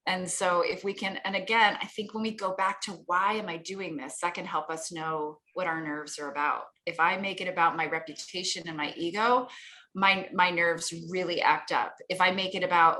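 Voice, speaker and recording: A lively woman coach chatting over a video call, with a clear, bright tone. She talks casually and keeps jumping into acted-out inner voices, swinging her pitch high and low to play them. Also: normal speed. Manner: animated, acts out inner voices with big pitch jumps. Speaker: speaking coach, guest.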